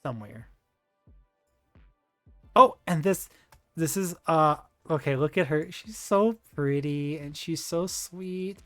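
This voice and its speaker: A man's voice: a little high, no echo. A man chatting casually on a livestream, rambling and gushing, with lots of fillers, restarts and slang like "dude". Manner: slangy, says dude and bro. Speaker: streamer.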